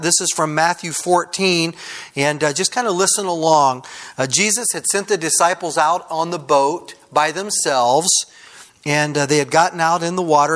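A male pastor preaching a sermon in a relaxed, conversational way, often saying "kind of" and "uh". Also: on the high side. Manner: conversational, frequent "kind of" and "uh" fillers.

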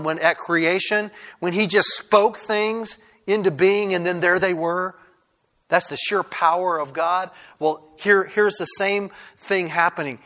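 Man, pastor, sermon, bright tense voice, slightly high pitch, restarts, builds to fervent shouts. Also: a little slow. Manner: preaching with many restarts, rising to loud fervor.

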